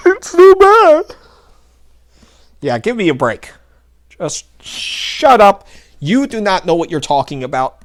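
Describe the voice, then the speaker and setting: A man's voice: a little high, sing-song, unhurried. A male commentary host ranting in a sarcastic, heated, mocking way.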